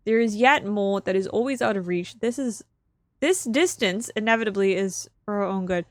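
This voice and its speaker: A woman streaming a video game, commenting excitably and repeating phrases over and over into a close microphone. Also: medium pitch, normal speed, no room sound. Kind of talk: let's play commentary.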